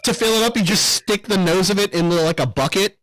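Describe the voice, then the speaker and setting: A man hosting a podcast in casual chat, excitable, laughing often and swearing a lot. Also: sits high, fast, no room sound, poor audio. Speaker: podcast host.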